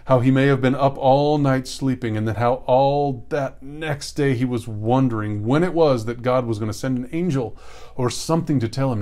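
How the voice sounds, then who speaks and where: A man preaching a sermon, retelling a scripture story earnestly with rhetorical questions and dramatic pauses. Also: medium pitch, darkish tone.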